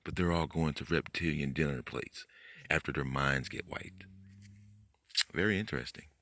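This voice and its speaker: A man giving a rambling, profane late-night monologue, talking fast, tripping over his words and jumping up in pitch when he gets worked up. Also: a bit bright, no echo, studio quality. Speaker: conspiracy video host.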